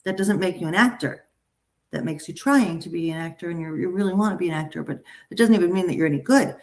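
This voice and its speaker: A woman's voice: fairly low pitch, fast. A middle-aged woman, a talent agent, talking casually and animatedly to a group. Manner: animated, chatty, frequent restarts and asides. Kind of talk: casual live talk to a group.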